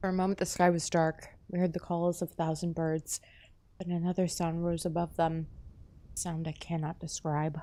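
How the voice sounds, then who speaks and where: A woman's voice: fairly low pitch, level tone, moderate pace, pitched below the performer's own voice, lightly acted. A woman reading a grave male doctor narrating. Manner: quiet, grave, plain reading.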